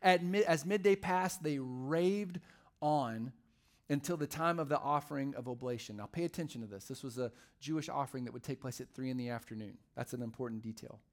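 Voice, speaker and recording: A man's voice: mid-range voice, fairly quick. A male pastor preaching a sermon in a conversational, humorous storytelling way.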